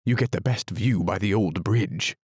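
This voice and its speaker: A man's voice: on the low side, normal speed, a little mellow, slightly rough, dry recording. A man voicing a nervous, fussy old king in an audiobook, muttering anxiously. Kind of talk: audiobook character reading.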